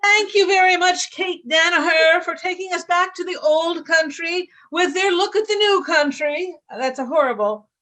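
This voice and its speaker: A woman hosting a storytelling event over a video call, thanking tellers and introducing the next in a gracious, measured way. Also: very high-pitched, pushed and bright. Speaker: host.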